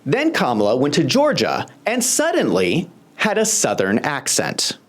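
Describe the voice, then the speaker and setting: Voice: mid-range voice, huge pitch swings, a little slow. A host delivering political commentary in a sarcastic, pointed manner.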